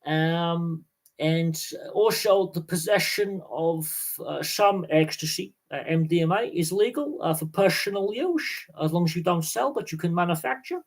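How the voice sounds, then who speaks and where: A man's voice: fairly high pitch, animated, a little slow, pitched above the performer's own voice. A man voicing a boastful, cheeky Dutch man in a jokey, sing-song mock Dutch accent during a livestream chat.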